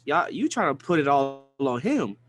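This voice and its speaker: A man's voice: mid-range voice, big pitch swings, normal speed, a bit bright. A man joining a casual podcast with short, teasing interjections and slangy talk.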